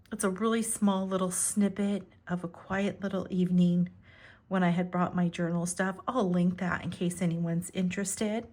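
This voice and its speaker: A middle-aged woman chatting casually to her viewers about her journals, speaking gently and softly, rambling a little with fillers. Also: on the low side. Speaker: planner and journaling vlogger.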